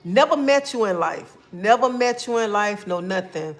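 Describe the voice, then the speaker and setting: A woman's voice: mid-range voice, animated, moderate pace. Chatty devout woman greeting her viewers. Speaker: livestream host. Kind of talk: casual livestream chat.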